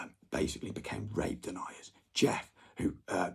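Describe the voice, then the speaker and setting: A man's voice: fairly low pitch, normal speed, vocal fry, breathy edge. A young adult man, ranting at viewers in a rambling, sweary monologue. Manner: agitated, sweary rant.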